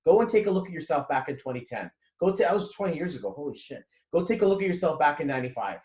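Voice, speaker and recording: A man's voice: on the high side, lively intonation, very fast, darkish tone, echoey room. A man in his thirties giving a candid motivational talk about his past, swearing freely and acting out old conversations while walking. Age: 30s. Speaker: motivational vlogger. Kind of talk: personal motivational monologue.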